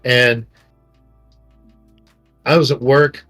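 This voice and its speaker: Middle-aged man telling a story over soft music. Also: medium pitch, very slow. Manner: rambling, animated, acts out quotes. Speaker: podcast co-host. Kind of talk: casual storytelling chat. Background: faint background music.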